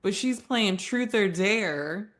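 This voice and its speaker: A woman's voice: medium pitch, animated, slow, a bit bright. A woman in a casual TV recap chat, opinionated and dry, with weary, fed-up asides.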